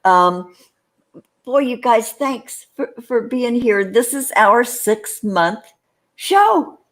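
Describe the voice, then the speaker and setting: A woman's voice: a little high, animated, slow, fairly bright tone. A woman co-hosting a live stream, rambling chattily and greeting viewers by name. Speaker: co-host.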